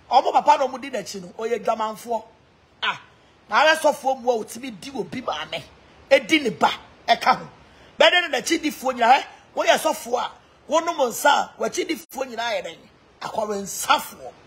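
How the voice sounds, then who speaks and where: A woman's voice: on the high side, expressive, moderate pace, fairly bright tone, slightly rough. A Ghanaian woman mixing Twi and English in a mocking, laughing rant, taunting people online. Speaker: social media personality. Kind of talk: mocking live-stream rant.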